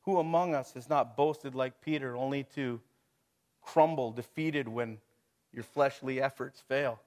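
A man's voice: medium pitch, a little slow. Man, middle-aged, pastor, conversational sermon, rhetorical questions, chuckles.

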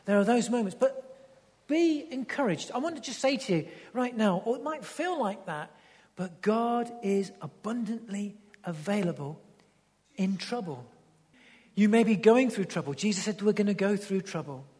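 A man preaching a sermon with passion, swinging from loud urging to hushed tones and repeating words as he builds each point. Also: high voice, animated, moderate pace, breathy edge. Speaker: pastor. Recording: long hall reverb.

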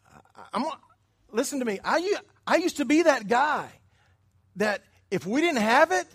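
A pastor's notably high, slightly rough voice makes big pitch swings as he preaches conversationally, quizzing his congregation with quick questions instead of talking at them. He alternates between near-whispered asides and loud, emphatic bursts.

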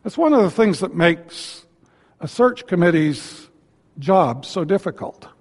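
A man preaching a sermon as a visiting pastor in a church, folksy and warm-humored, with joking asides between his points. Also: sits high, expressive, unhurried. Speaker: guest preacher. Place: church sanctuary. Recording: long hall reverb.

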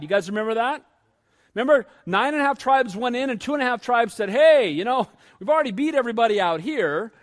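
A male pastor preaching a sermon in a lively, conversational way, often putting questions to his listeners. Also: very high voice.

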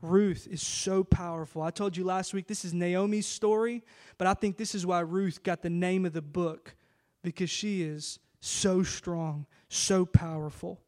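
A man's voice: high voice, fairly even intonation, measured pace, darkish tone. A man pastor preaching an emphatic sermon full of rhetorical questions.

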